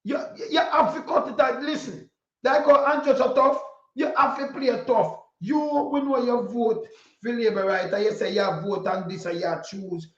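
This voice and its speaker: A Jamaican man giving impassioned political commentary in patois, preachy and repetitive, sometimes breaking into a shout. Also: very high voice, moderate pace. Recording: roomy, dull lo-fi sound.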